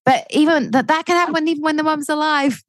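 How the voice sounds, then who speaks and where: A woman's voice: sits high, steady tone, fast talker, no room sound. A woman in her forties, a comedian chatting as a podcast guest, swearing freely and ranting with rising energy. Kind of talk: casual chat.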